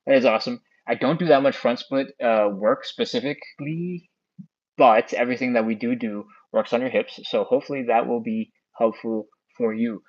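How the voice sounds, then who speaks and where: A man leads a live stretching session from a phone, counting each hold aloud and chatting easily with his viewers. His voice sits at a middle pitch, and the phone audio sounds dull and lo-fi. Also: moderate pace. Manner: counts down aloud, chatty, reads out chat comments. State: a bit out of breath. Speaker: stretching class host. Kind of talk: live follow-along stretching class. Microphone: phone on a stand.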